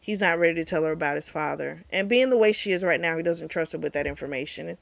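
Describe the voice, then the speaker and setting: A woman hosting a book club channel, recapping a novel in a casual, animated way and swearing freely. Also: low-pitched, fast talker, gravelly, no echo.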